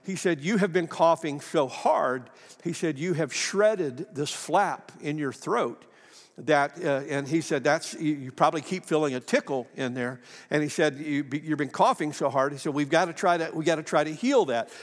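High-voiced pastor in an echoing church. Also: male voice, moderate pace. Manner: folksy, self-deprecating, acts out quoted dialogue. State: lingering cough. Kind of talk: sermon with personal storytelling. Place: church sanctuary. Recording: long hall reverb.

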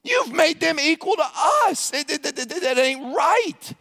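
A man's voice: very high-pitched, animated, a little slow, sharp tone, voice pushed up, exaggerated voice. A man voicing an indignant day laborer who sputters complaints about unfair pay.

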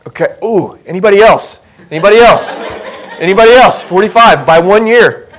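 A man's voice: sits high, lively intonation, fairly quick, fairly bright tone, slight background noise. A male pastor giving a conversational sermon, chatty and self-deprecating, asking the congregation questions. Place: church sanctuary.

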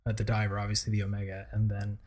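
Man, podcast co-host, husky low voice, halting, hesitant. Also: monotone, darkish tone. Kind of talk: casual chat.

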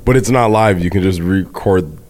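A young man with a very deep voice, guest co-hosting a podcast in casual chat, laid-back and joking. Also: normal speed, darkish tone. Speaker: guest co-host.

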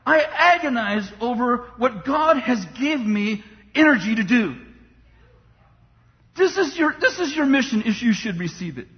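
A man's voice: very high-pitched, lively intonation, measured pace. A man preaching a sermon with passion, often mocking the voices of complainers. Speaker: pastor. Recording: dull sound in a long-reverb hall.

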